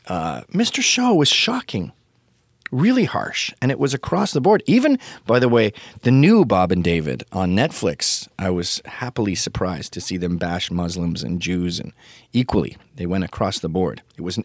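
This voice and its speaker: Lively profane man in his fifties. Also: mid-range voice, no room sound, studio quality. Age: 50s. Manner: profane, opinionated, animated. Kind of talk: casual ranting monologue.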